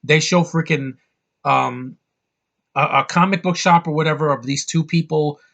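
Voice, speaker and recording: A man tears into a film in an angry, profane rant, with sarcastic jabs along the way. His voice sits a little higher than most men's. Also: normal speed, vocal fry, fairly bright tone, highs cut off. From United States. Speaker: movie reviewer. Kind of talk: ranting film review.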